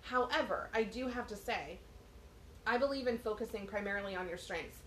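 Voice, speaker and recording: A woman's voice: medium pitch, brisk, a crowd in the background. Chatty woman in an echoey room. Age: adult, mother of children. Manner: chatty, animated storyteller. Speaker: podcast co-host. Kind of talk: casual chat.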